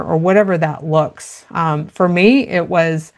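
A woman's voice: fairly low pitch, steady tone, normal speed, hardly any pauses. A woman guest in a conversational interview, explaining parenting in an earnest, practical way and acting out little quoted exchanges.

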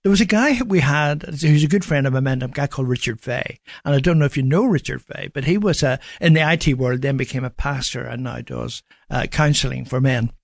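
A man's voice: medium pitch, fairly quick, creaky, few pauses, no echo, clean studio sound. A man with an Irish accent, a guest on a radio show, telling a story with lots of "you know" fillers. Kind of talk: radio studio interview.

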